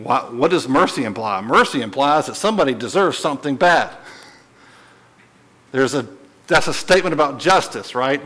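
A man's voice: medium pitch, rough recording. A man teaching a Bible study in a casual, conversational way, often checking in with his listeners and lifting his voice to stress a point. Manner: animated, voice lifts when stressing a point.

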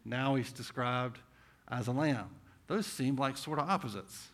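A man with a Southern US accent preaching a conversational sermon, asking rhetorical questions and swinging between intense and hushed delivery. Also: medium pitch, a little slow. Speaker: pastor.

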